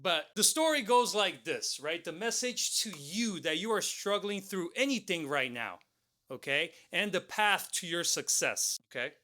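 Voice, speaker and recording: A man's voice: sits high, lively intonation, measured pace, sharp tone. A man co-hosting a talk show, telling a motivational story and tagging his lines with "right?" and "okay?". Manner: keeps adding "right?" and "okay?". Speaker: co-host.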